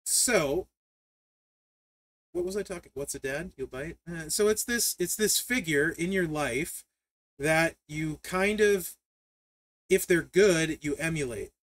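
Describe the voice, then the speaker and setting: A man hosting a live stream, telling family stories in a casual, animated way, laughing often and reading chat aloud. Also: a little high, slow pace, long pauses, no room sound. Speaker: livestream host.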